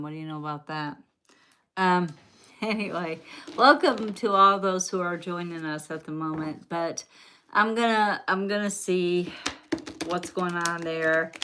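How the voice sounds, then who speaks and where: A woman's voice: fairly low pitch, steady tone, unhurried, bright, forceful tone, a little hiss or hum. A woman with a Southern US accent giving a rambling, chatty live-stream tarot reading, talking straight to her viewers. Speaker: tarot reader.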